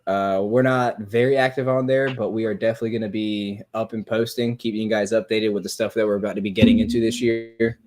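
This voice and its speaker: A man's voice: lowish voice, little pitch movement, fast, hardly any pauses, darkish tone. Young male podcast co-host, easygoing chat, laughs through his anecdotes. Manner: laughing storyteller retelling comedy clips. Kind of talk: casual chat.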